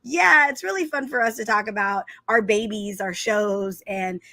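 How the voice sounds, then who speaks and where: A middle-aged woman hosting a podcast, telling stories in an excitable, animated way. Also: mid-range voice, normal speed, no echo. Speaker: podcast host. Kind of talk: casual chat.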